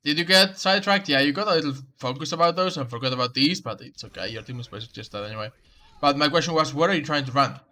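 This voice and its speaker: Bright-voiced man coaching a game replay. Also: a little high, rapid-fire. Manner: instructive, repeats key advice. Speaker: game coach reviewing a match. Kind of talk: coaching commentary over gameplay.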